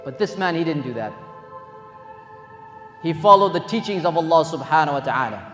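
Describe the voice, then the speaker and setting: High-voiced male preacher telling a story with emphasis, long hall reverb, faint music behind. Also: animated, brisk, a bit bright. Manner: earnest, emphatic. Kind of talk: storytelling sermon.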